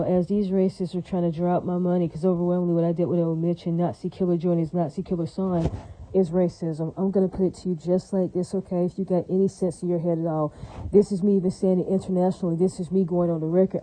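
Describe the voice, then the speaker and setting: A man's voice: high voice, dark tone, dry recording, low-quality recording. A man delivering a repetitive, profane, insistent ranting monologue as a vlogger.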